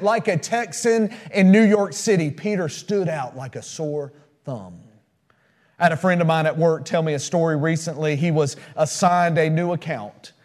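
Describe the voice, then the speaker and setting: A male pastor delivers a sermon in a notably high voice. He tells stories emphatically and keeps putting questions to his listeners. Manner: storytelling, emphatic, asks the congregation questions.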